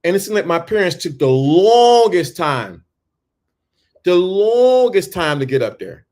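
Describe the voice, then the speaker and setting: Man telling a story, lively voice, fairly high, stammers and restarts. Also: measured pace. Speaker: speaker. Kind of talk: storytelling talk.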